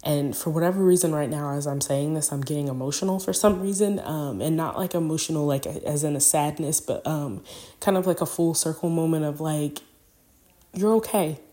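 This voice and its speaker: She's a young podcast host with a deep, dark voice, speaking fairly quickly. Her personal reflection meanders, crowded with fillers, and she's openly emotional throughout.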